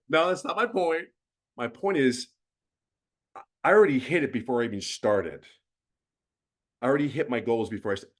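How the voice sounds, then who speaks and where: A middle-aged man mentors a group in a blunt, preachy motivational talk. His pitch leaps sharply when he hammers a point home. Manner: blunt, preachy, rises to emphatic bursts. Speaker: guest host and mentor.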